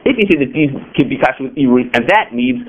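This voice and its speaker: A man leads a class on religious law and talks at a brisk clip. He keeps checking in with "okay" and "you know" as he explains. The sound is thin and phone-like. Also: medium pitch, animated. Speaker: teacher leading a kosher-law class. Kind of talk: classroom lecture. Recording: tinny phone-like lo-fi recording.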